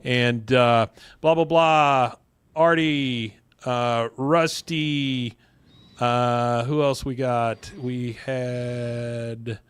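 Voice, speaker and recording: A man's voice: medium pitch, steady tone, drawn-out words, fairly bright tone, clean tone. A man hosting a podcast, recapping a cartoon episode in casual chat with lots of "uh"s. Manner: rambling, with many fillers. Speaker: podcast host.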